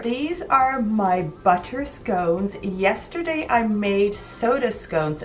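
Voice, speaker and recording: A woman's voice: medium pitch, recorded from a distance, a little hiss or hum. A woman chatting enthusiastically and emphatically in a home cooking vlog. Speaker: vlogger. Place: home kitchen.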